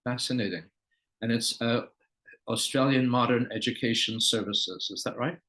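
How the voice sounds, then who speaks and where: A man's voice: mid-range voice, moderate pace, sharp tone, poor audio. A man interviewing a guest, asking follow-up questions and adding short reactions. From United States. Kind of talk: conversational interview.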